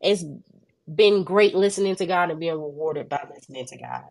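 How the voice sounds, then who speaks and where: A young woman co-hosting a faith podcast, telling her story in an animated way and jumping into high voices when she quotes people, sounding tired and worn down. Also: moderate pace. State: tired and under the weather. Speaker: podcast co-host. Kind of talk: casual faith podcast chat.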